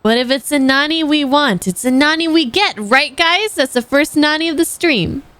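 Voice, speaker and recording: A woman's voice: high voice, expressive, normal speed, fairly bright tone, no echo. A woman livestreamer giving playful, teasing gameplay commentary.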